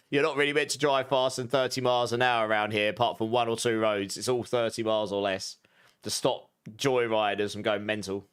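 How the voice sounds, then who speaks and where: Man, Essex accent, thirties, casual streamer chat, quick asides to viewers. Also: on the low side, fairly bright tone. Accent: Essex English. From southeast England. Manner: chatty, reads out viewer messages, quick asides. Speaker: game streamer.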